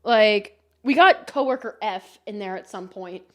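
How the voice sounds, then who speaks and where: A woman's voice: mid-range voice, a little slow, a bit bright. A young woman hosting a podcast, telling stories in a casual chat, swearing and laughing often. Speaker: podcast host.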